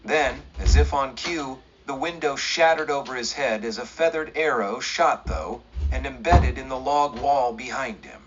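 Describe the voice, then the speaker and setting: A man reading a western audiobook aloud in a steady, measured storytelling way. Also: medium pitch, highs cut off, background noise. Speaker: audiobook narrator.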